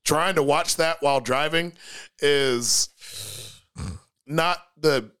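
A man's voice: fairly high pitch, slow, a bit bright, clear, resonant tone. A man in casual chat who swears and laughs a lot as he talks over a show.

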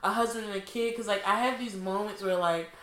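A woman's voice: mid-range voice, a little fast, fairly bright tone. A woman talking casually and reflectively, rambling as she searches for her words. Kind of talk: casual chat. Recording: echoey room.

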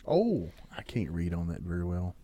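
A man co-hosting a casual podcast, teasing his partner in a playful way. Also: moderate pace. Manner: playful, teasing, animated pitch swings. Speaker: podcast co-host.

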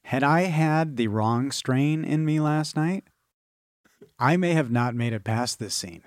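A man's voice: medium pitch, measured pace, no echo, studio quality. Profane, rambling man on a movie podcast. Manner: loose, profane, rambling enthusiasm. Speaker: podcast co-host. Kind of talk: casual movie podcast chat.

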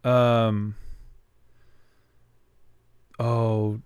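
A man's voice: on the low side, level tone, extremely slow, darkish tone, smooth. A man hosting a podcast in casual chat, tired and laid-back, laughing easily. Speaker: podcast host.

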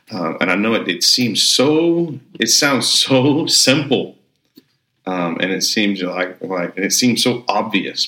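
A very low-voiced man with a bright, forceful edge, chatting casually as a pastor and podcast co-host. He rambles upbeat, restarting his sentences often. The room around him rings with echo. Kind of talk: casual chat. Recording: roomy echo.

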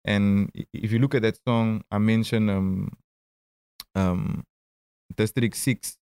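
A lowish, darkish voice with fairly even intonation sounds clean and has no echo. The guest is a rapper in his thirties with a Cape Town South African accent, telling stories in a casual interview, often stammering and restarting, with quick asides and laughs.

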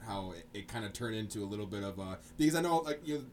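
A man's voice: fairly low pitch, animated, racing, darkish tone, distant mic. Male host, mid voice, stammers, off-mic, faint noise. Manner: stammering, laughs a lot. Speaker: podcast host. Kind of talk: casual podcast chat.

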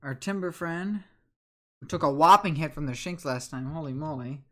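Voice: mid-range voice, normal speed. A game master narrating a tabletop game in a casual, chatty way full of fillers.

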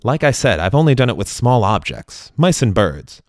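A man's voice: medium pitch, very animated, normal speed, no room sound, studio quality, close to an everyday voice. A man voicing a proud, grandiose male stage magician in a spoken story. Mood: apologetic. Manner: grandiose, self-congratulating, apologetic when explaining.

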